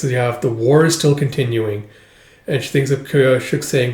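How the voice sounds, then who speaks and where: A man's voice: medium pitch, steady tone, normal speed, darkish tone, roomy sound. Casual man recapping a comic. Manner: casual, rambling with fillers. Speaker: manga reviewer.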